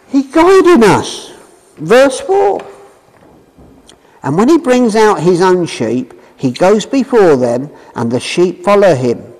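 A man preaching a sermon and telling his own story, emphatic, swinging from loud calls to low drawn-out words. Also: big-room sound, rough recording. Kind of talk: street preaching sermon with personal testimony.

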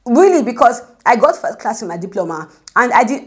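A young woman Christian speaker gives an informal devotional talk in a slightly high, brisk voice with big pitch swings. She speaks conversationally, keeps asking "do you get me?", acts out the voices she quotes, and drops to a whisper for prayers.

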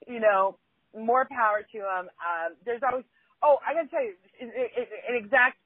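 A woman's voice: on the high side, normal speed, husky, no room sound. A woman co-hosting a casual podcast, who tells a story bluntly and often restarts her sentences. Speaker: co-host. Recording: dry, phone-like line.

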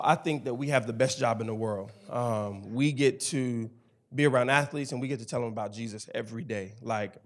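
Man, 30s, campus chaplain, personal testimony, emphatic, animated, middle pitch. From Tennessee. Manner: animated, emphatic storytelling with a preacher's rhythm. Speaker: campus ministry director and chaplain.

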